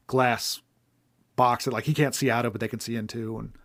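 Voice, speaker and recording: Male co-host, mid-pitch, casual rambling film-review chat. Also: level tone, a little fast, a bit bright. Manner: meandering, thinks aloud while critiquing. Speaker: podcast co-host.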